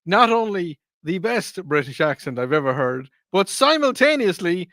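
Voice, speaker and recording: Teasing co-host, dry studio mic. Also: male voice, sits high, sing-song, moderate pace, fairly bright tone, no echo. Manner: playful, teasing. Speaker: radio co-host. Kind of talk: casual on-air banter.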